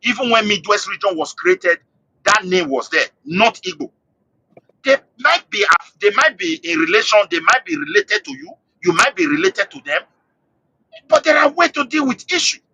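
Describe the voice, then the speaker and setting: A Nigerian man calls into a live show with impassioned political commentary, his high voice swinging widely in a sing-song way as he presses his case. His tone is bright and slightly husky, and he keeps restarting and repeating phrases for emphasis. He speaks at a moderate pace, and the recording is rough.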